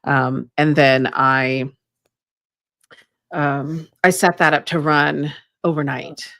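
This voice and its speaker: A woman's voice: sits low, little pitch movement, slow, gravelly, a bit bright, no echo, clean studio sound. A woman co-hosting a casual live stream about energy healing, rambling with many fillers. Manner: rambling, many ums and you-knows. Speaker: co-host, energy healer.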